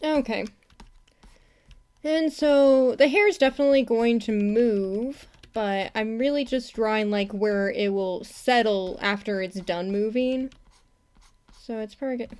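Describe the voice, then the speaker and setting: A woman's voice: a little high, measured pace, darkish tone, clear, resonant tone. A young woman from the United States chatting casually on a live stream while she animates, talking in a chatty way with lots of laughs and self-corrections. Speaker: animator streaming her work.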